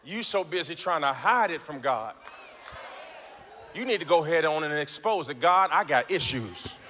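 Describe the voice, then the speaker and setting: High, bright-voiced shouting pastor. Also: male voice, expressive, normal speed, some chatter behind, a little hiss or hum. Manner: impassioned preaching, swings from low talk to shouting; addresses congregation members directly. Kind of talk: live Sunday sermon with call-and-response. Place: church sanctuary before a congregation.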